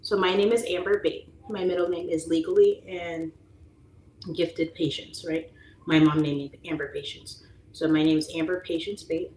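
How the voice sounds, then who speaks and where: A woman's voice: deep voice, steady tone, moderate pace, a little mellow. Chatty woman livestreaming in a roomy space. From United States. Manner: chatty, acts out voices in her stories. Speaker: livestream talk show host. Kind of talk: casual livestream chat reading viewer comments. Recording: roomy echo, faint background noise.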